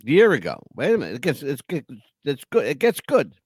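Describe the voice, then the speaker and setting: A man's voice: on the high side, wildly swooping pitch, a little fast, slightly rough, dry recording. A man co-hosting a live podcast, chatting in a rowdy way, swearing freely and filling with "you know.". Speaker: podcast co-host. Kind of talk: live podcast chat reading chat messages.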